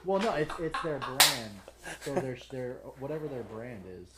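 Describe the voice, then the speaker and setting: A man co-hosting a podcast in casual chat, halting and hesitant as he reads and thinks aloud. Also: mid-range voice, sharp tone. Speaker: podcast co-host. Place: podcast studio. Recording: roomy studio echo.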